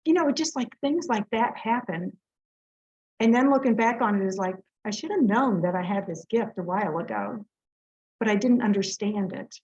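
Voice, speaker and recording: A middle-aged woman speaks in a fairly high voice, telling personal stories in a casual, earnest way full of "you know" and quick asides. The recording is a little dull and lo-fi. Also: mellow. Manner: chatty, earnest, lots of fillers and quick laughs. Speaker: Reiki master, guest speaker. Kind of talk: casual storytelling in an interview. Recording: slightly muffled, lo-fi audio.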